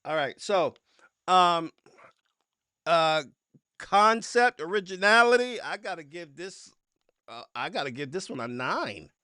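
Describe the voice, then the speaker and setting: A man hosting a casual live-stream review, his voice bright and crisply clear. He hesitates often, restarting thoughts with ums. The sound is close and dry with no room echo. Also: high voice, expressive. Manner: halting, lots of ums and restarts. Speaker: music review host.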